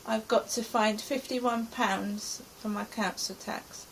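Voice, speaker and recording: A woman's voice: on the high side, fairly even intonation, takes it slowly, vocal fry, a little hiss or hum, poor audio. A middle-aged woman from England giving an anxious, rambling account of her day as a personal diary. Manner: anxious, rambling present-tense retelling. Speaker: vlogger.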